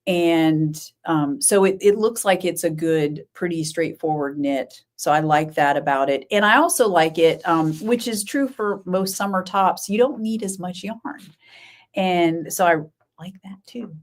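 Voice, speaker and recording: A woman's voice: lowish voice, a little slow. A middle-aged woman hosting a casual live-stream, chatting and rambling, often laughing and answering viewers by name. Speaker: knitting podcast host.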